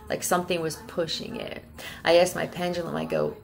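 Rambling between ideas and swearing freely, a tarot reader from Philadelphia delivers a casual, blunt reading. She talks fairly quickly in a voice on the low side, with big swings in pitch.

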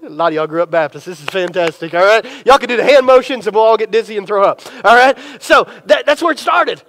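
High-voiced pastor preaching. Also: male voice, expressive, fast talker, fairly bright tone. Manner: storytelling, acts out imagined dialogue. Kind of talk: sermon.

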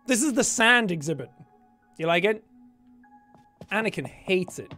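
A man giving a jokey, animated let's play commentary, swearing and talking to himself as he plays. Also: high voice, unhurried, pauses often, soft background music. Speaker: gaming streamer.

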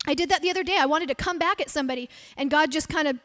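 High-voiced woman pastor preaching. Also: racing, fairly bright tone. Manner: earnest, acts out heartfelt prayers aloud. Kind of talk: sermon. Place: church service.

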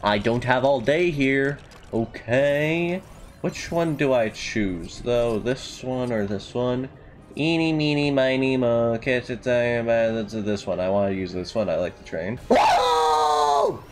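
A man giving let's play commentary, jokey and excitable, swearing and yelping at the game. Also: mid-range voice, a little slow, a little hiss or hum. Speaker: gamer.

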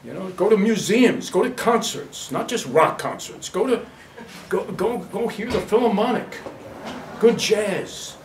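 A blunt, animated man teaches an acting workshop, his fairly high voice swinging widely as he laughs through his points. He sounds set back from the mic in an echoey room, with faint room ambience behind. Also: unhurried, far from the mic, slight background noise. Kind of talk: workshop lecture to a class. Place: workshop room with a live class.

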